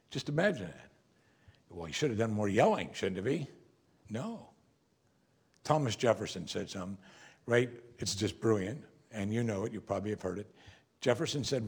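A man preaching a sermon as a pastor, earnest, often dropping to a soft voice for quoted words. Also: fairly low pitch, sing-song, moderate pace, long pauses, slightly rough.

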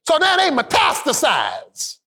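A pastor preaching a sermon, swinging between shouted, emphatic peaks and low asides, and having the congregation repeat his lines back. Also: huge pitch swings, unhurried. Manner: call-and-response, has the congregation repeat lines.

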